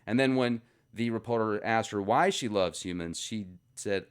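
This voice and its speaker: A man's voice, bright and crisp, sitting at a medium pitch. He hosts a casual commentary video. He rambles from point to point and drops in jokes as he goes. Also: moderate pace. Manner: joking, rambling, jumps between topics. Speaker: video host.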